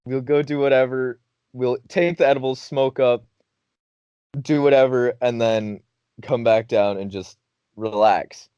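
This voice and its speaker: A man's voice: mid-range voice, a little slow, smooth, no room sound, dull audio. A young man hosting a podcast, telling a funny story casually, cursing often and laughing as he goes. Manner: laughing, profane, animated storytelling. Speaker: podcast host.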